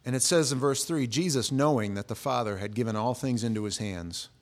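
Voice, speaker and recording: A middle-aged pastor delivers a sermon like he's telling stories in conversation, acting out the voices of people he quotes and restarting sentences often. His voice is medium-pitched and a little fast.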